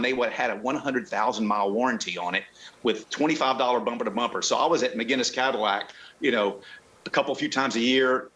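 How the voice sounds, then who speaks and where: A man's voice: medium pitch, fairly bright tone, low-quality recording. Rambling man on a video call. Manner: rambling, halting, with many restarts. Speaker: car club guest. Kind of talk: casual chat.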